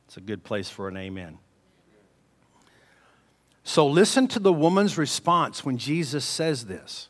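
Male preacher, storytelling sermon, mid pitch, swings loud and hushed, big reverb. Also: very animated, unhurried, pauses often. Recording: long reverb of a large hall.

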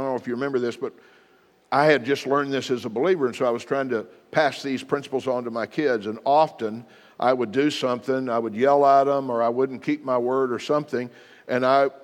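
A man's voice: mid-range voice, normal speed, in a large hall. A middle-aged male pastor preaching, acting out short example apologies and leading the congregation in practice. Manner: acts out short example apologies in different voices; leads the congregation in spoken practice. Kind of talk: sermon.

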